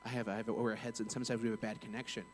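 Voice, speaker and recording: A man's voice: fairly low pitch, level tone, racing, slight background noise, poor audio. A man who works in bank customer service, telling a personal story in a casual, earnest, rambling way with many restarts.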